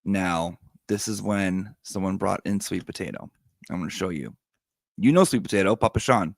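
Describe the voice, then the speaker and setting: Chatty low-voiced man commenting. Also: animated, moderate pace, vocal fry, no echo, clean studio sound. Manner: chatty, explains to viewers. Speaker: commentator reacting to clips. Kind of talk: casual commentary.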